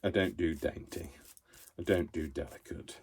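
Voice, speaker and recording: A man's voice: a bass voice, moderate pace, husky. A man chatting while he crafts in his home craft room, rambling and poking fun at himself as he works. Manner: rambling, self-mocking, talks to himself while working. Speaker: craft vlogger.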